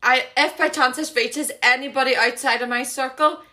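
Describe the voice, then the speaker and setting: Young Northern Irish woman hosting her own podcast. Bright, chatty, talks fast and loud with self-conscious asides. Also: sits high, steady tone. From Northern Ireland. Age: 20s. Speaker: podcast host. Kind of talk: casual solo chat.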